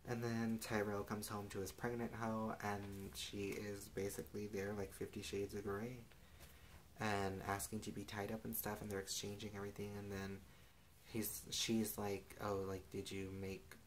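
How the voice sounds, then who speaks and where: A young man casually recapping a TV episode, rambling and filling every pause with "like" and "and stuff.". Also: lowish voice, completely flat delivery, a little hiss or hum, low-quality recording. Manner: rambling, heavy use of "like" and "and stuff".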